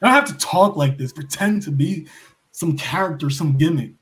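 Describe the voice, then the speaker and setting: A man from New York speaks in a high voice that leaps up and down in pitch. He preaches in long bursts and throws out rhetorical questions. His volume swings from loud to soft and back. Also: lively intonation, normal speed. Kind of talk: impassioned monologue.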